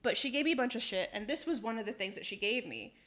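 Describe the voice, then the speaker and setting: A woman's voice: a little high, lively intonation, quick pace, fairly bright tone. A young woman chatting casually on a live stream, reading out chat messages, laughing often and swearing in passing.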